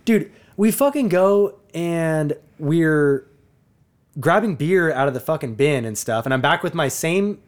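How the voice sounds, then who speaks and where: A man's voice: fairly high pitch, lively intonation, a little slow. A young adult man and podcast co-host, telling a long rambling story in casual chat and swearing freely.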